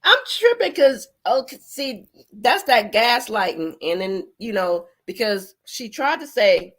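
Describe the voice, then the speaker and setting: A woman with a slightly high voice gives casual commentary on a clip. She is blunt and outspoken, and she swears freely as she talks back at what she hears. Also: sing-song, normal speed, hardly any pauses, fairly bright tone. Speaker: channel host.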